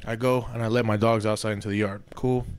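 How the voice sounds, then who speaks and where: A man co-hosting a podcast, telling a long story in a casual, animated and profane way, often asking "you feel me". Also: on the low side, fast, clean tone. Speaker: podcast co-host. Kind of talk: casual storytelling among friends.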